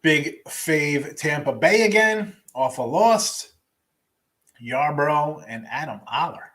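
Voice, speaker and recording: Wry, offhand sports betting host. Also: male voice, on the high side, lively intonation, slow, fairly bright tone. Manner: offhand, wry asides, trailing restarts. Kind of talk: casual picks rundown, reading live chat.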